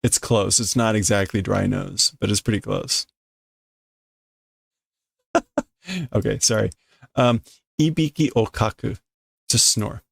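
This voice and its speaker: A man streaming a casual read-through of a comic, translating line by line in a halting, self-correcting way and chuckling often. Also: lowish voice, creaky, husky, no room sound. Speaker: streamer reading manga to learn a language.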